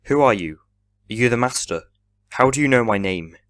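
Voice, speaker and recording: A man's voice: medium pitch, expressive, moderate pace, fairly bright tone, no echo, studio quality, natural voice. A man voicing a shaken, wary young schoolteacher in a fan audio drama, asking anxious questions. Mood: urgent.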